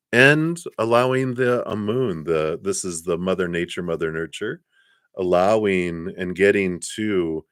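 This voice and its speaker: A man giving a live tarot reading, chatty and warm-humored, laughing often and trailing off with fillers. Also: low voice, dry recording, studio quality. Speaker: tarot card reader.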